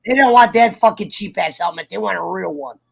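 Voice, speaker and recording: A man hosting a casual livestream chat, joking and swearing while reading shout-outs from the chat. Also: high-pitched, animated, fairly quick, gravelly, breathy edge. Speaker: show host.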